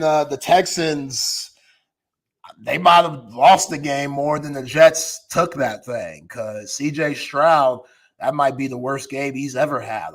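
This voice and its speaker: A man's voice: mid-range voice, fairly bright tone. Laid-back sports talk host, man. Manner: laid-back, laughs easily.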